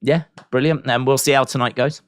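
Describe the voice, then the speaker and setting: A man's voice: medium pitch, steady tone, brisk, dry recording. A man hosting a wrestling watch-along live stream, rambling casually with restarts and fillers.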